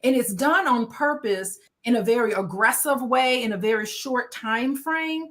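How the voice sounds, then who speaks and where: A woman on a discussion panel, explaining her point in a measured way with some fillers. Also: on the high side, a bit bright.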